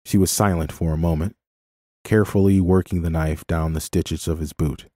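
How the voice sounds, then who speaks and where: A man reading a novel aloud in a measured, expressive way, as an audiobook narrator. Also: deep voice, no echo, studio quality. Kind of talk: scripted narration.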